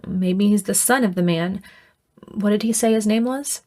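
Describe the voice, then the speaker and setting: A woman's voice: mid-range voice, normal speed, a little mellow, lightly acted. A woman voicing a stubborn, devout male ship doctor who speaks firmly, in an audiobook. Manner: firm.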